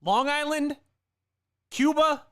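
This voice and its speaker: A man's voice: extremely high pitch, slow pace, a bit bright. A man co-hosting a casual sports podcast, incredulous and sarcastic. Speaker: podcast co-host.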